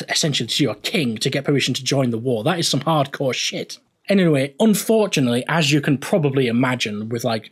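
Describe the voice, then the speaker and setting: A man's voice: mid-range voice, husky. A young man hosting a gaming video, explaining history casually with jokey, rambling asides.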